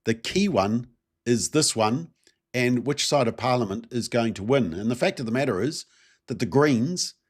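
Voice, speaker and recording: A man's voice: medium pitch, animated, normal speed, slightly rough. New man, solo commentary host, easygoing and rambling, asks the audience questions. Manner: conversational, many fillers, rhetorical questions to viewers. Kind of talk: casual solo political commentary.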